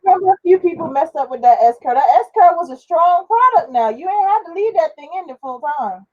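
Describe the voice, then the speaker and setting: A woman on a podcast panel, chiming in with relaxed commentary in casual chat over a video call. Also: very high-pitched, fast, phone-quality sound.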